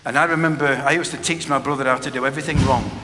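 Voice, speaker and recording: A middle-aged man delivers a personal testimony sermon very fast, his mid-range voice fairly even in intonation. He's earnest and plain-spoken with frequent repetition, recorded in a reverberant hall with some faint background noise.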